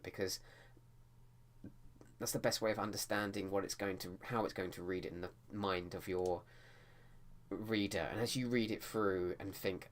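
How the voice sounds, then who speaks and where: A man talking casually to camera about editing his book, rambling with frequent restarts. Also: low-pitched. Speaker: writing vlogger.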